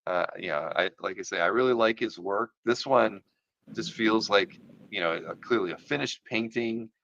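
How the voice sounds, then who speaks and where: A man's voice: fairly low pitch, moderate pace, gravelly, a bit bright, highs cut off, a little hiss or hum. A man hosting a casual chat about comic art, rambling with many fillers and restarts, and losing his voice. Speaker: podcast host.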